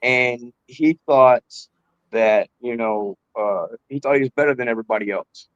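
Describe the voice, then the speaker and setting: A man, a rapper guest, chats in a laid-back, loose way, swearing freely and calling the host bro. His voice sits at an ordinary middle pitch. The sound is dry, with no room echo. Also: moderate pace, lo-fi sound. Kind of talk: casual interview chat.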